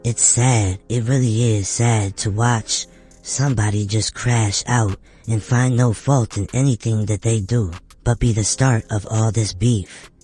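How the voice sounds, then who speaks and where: A man's voice: fairly low pitch, steady tone, a little slow, darkish tone, slightly rough, faint music behind. A man hosting a commentary channel, speaking in a disapproving, matter-of-fact way. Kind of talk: scripted commentary.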